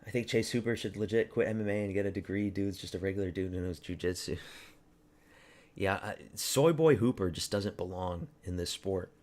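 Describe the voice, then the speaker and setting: A man's voice: low voice, a little fast, darkish tone. A young man from Canada chatting casually on a live stream, rambling and crude, mocking fighters and talking to his chat.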